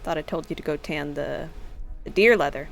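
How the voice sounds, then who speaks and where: A woman voicing a gruff, impatient male dwarf leatherworker who bosses his helper around in a tabletop game. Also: low voice, fairly quick, a bit bright, soft background music, pitched below the performer's own voice. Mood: irritated. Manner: curt and impatient, sighing. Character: gruff dwarven leatherworker, stallkeeper boss.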